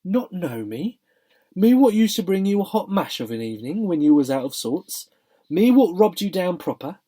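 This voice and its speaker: A man voicing a blunt, working-class London cab driver who talks plainly and loudly. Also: mid-range voice, moderate pace, close to an everyday voice. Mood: earnest. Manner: blunt, chatty, dropped grammar.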